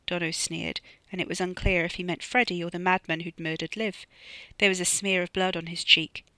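Crisp, bright audiobook narrator. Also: mid-range voice, little pitch movement, brisk, few pauses, no echo. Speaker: author reading own novella.

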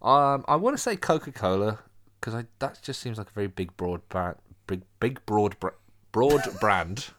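A man's voice: on the low side, lively intonation, moderate pace, a bit bright. A young man bantering in a casual quiz chat, swearing and teasing his friend. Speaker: quiz contestant and co-host.

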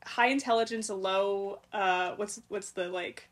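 A woman's voice: mid-range voice, fairly even intonation, unhurried. A young woman co-hosting a podcast, recapping a TV episode in casual, rambling chat full of restarts and "like". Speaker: podcast co-host.

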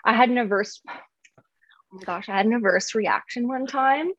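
A woman's voice: fairly high pitch, normal speed, a bit bright, no echo. A woman talking candidly in casual chat, laughing often and full of "like". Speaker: guest. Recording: slightly dull, dry sound.

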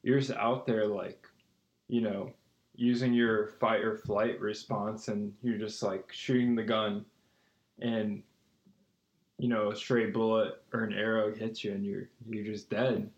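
A man's voice: lowish voice, little pitch movement, echoey room, dull audio. A man co-hosting a podcast in casual film discussion, easygoing and full of fillers. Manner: easygoing, filler-heavy, quick to agree. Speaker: podcast co-host.

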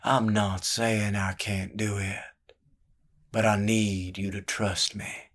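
A man's voice: fairly low pitch, little pitch movement, takes it slowly, fairly bright tone. A man putting on a sly older spymaster. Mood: cool, needling. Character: sly older male spymaster, cool and calculating.

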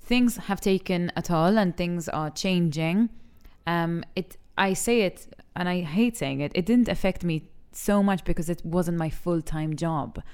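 A young adult actress from Malta, speaking openly and with feeling in an interview, laughing easily. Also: female voice, on the low side, a little slow, hardly any pauses, darkish tone, smooth. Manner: candid and emotional, laughs easily. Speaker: actress and TV talent show judge. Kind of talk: frank interview conversation.

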